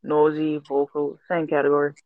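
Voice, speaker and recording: A woman's voice: sits low, completely flat delivery, moderate pace, narrow, tinny audio. A woman co-hosting a podcast in casual chat, blunt and profane with mock threats. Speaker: podcast co-host.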